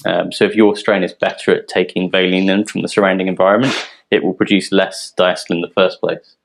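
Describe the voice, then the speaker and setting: A man from a yeast company presenting technical details in a relaxed, explanatory way, with frequent ums. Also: sits low, brisk, vocal fry, rough recording. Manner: explanatory, filler-heavy, relaxed.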